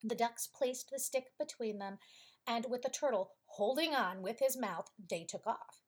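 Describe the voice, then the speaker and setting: A woman reading a bedtime story aloud as a podcast storyteller, gentle and soothing. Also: fairly high pitch, unhurried.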